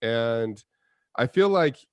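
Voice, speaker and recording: A man's voice: mid-range voice, expressive, slow pace, smooth, dry recording, dull audio. A man co-hosting a casual movie review chat, rambling in a laid-back way with lots of fillers. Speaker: co-host of a movie review show.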